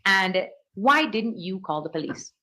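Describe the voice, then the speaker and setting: A woman attorney questioning a witness in court, asking brisk leading questions peppered with "okay" and "all right". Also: medium pitch, expressive, bright, forceful tone. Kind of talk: courtroom direct examination.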